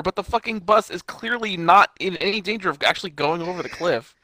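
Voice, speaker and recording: A young man trading dry, sardonic quips in a relaxed chat. His voice sits a little high, bright and animated. The sound is dry, with no room echo. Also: a little fast. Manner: sardonic, short agreeing remarks. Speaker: co-host. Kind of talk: casual chat.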